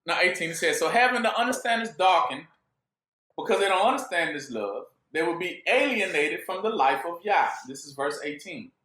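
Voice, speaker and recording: Lively high-voiced man preaching. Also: moderate pace, echoey room. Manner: call-and-response questions, joking, laughing. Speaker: bible teacher. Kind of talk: informal sermon.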